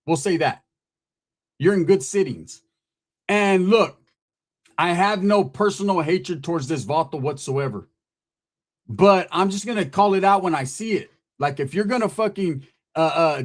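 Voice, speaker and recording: A man hosting his own channel, delivering a profane, taunting roast of a rival in a casual, street-slang rant to the camera. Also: sits high. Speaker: channel host.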